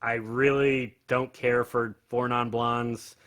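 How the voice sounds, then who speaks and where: A man in his thirties speaks in a bright, forceful voice as a guest on a casual chat. He gives blunt, opinionated verdicts and laughs often, talking from his home bar. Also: mid-range voice, flat delivery, takes it slowly. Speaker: podcaster guest.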